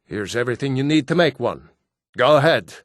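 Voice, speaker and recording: An actor voicing assorted gruff adult Nord men in a fantasy video game, blunt and plain-spoken. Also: male voice, medium pitch, lively intonation, brisk, no echo, clean studio sound, close to an everyday voice. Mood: matter-of-fact. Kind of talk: game voice lines.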